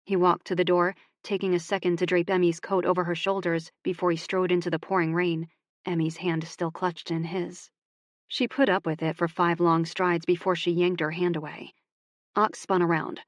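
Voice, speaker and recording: Calm woman audiobook narrator. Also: fairly low pitch, normal speed, no echo, clean studio sound.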